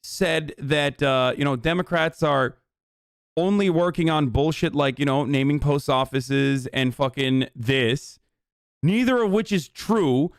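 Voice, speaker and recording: Heated, foul-mouthed male streamer in his thirties, a bit high-pitched, dry close mic. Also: measured pace, creaky, clean tone, no room sound. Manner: heated, sarcastic, swears often. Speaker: streamer reacting to a news clip. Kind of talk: profane political commentary.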